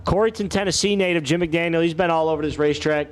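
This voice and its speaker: A man's voice: fairly high pitch, fast. A man calling a drag race live, with folksy, joking banter between runs. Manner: folksy, playful announcer banter. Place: outdoor dragway.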